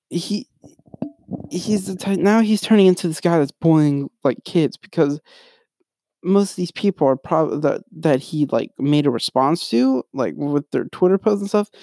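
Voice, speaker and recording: A man's voice: a little high, animated, normal speed, dark tone, dry recording, clean studio sound. A young man co-hosting a podcast, ranting in a rambling way and often restarting his sentences. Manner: rambling, frequently restarts and sidetracks. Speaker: podcast co-host. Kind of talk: casual ranting commentary.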